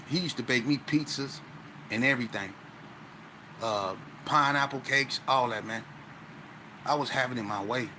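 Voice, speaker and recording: A man, a guest on an interview show, telling a story in an animated, slang-heavy way with stuttering restarts. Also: medium pitch, slight background noise, rough recording.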